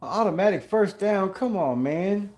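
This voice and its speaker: A man hosting a live game-watch stream, excitable and blunt, calling plays, griping about flags and greeting chat viewers. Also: high voice, measured pace. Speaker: livestream host.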